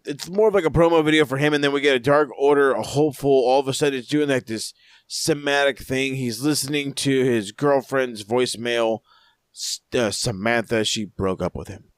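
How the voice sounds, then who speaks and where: A man's voice: mid-range voice, clean tone, no room sound, clean studio sound. Profane joking wrestling podcast man. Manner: rambling, profane, jokey recaps. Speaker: podcast co-host. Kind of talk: casual wrestling review chat.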